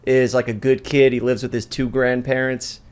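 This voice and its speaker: A man's voice: mid-range voice, little pitch movement, normal speed, a little mellow, clean tone. A man hosting a podcast in casual chat, joking and teasing his guest, often laughing. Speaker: podcast host.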